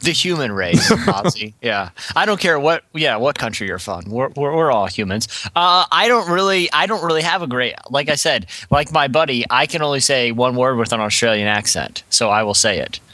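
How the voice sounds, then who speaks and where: Jokey dude co-hosting a podcast, bright voice, bounces around a lot in pitch. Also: male voice, animated, normal speed, few pauses, no echo. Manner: jokey, laughs easily. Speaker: podcast co-host. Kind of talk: casual chat.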